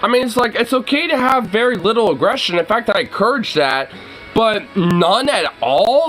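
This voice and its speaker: Young male vlogger, high and animated voice, swearing constantly in a casual exasperated rant, faint music behind. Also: moderate pace, poor audio. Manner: profane, exasperated ranting with frequent fillers.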